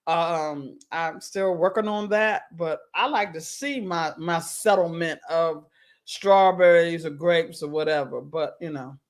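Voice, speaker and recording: Chatty woman radio host. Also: lowish voice. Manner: lively, chatty, quick to laugh. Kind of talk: casual chat interview.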